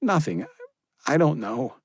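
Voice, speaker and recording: A man's voice: on the high side, sing-song, slow pace, slightly rough, no room sound, studio quality, pitched above the performer's own voice, full character voice. A man voicing a fierce, caring young woman. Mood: upset. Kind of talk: audiobook character reading.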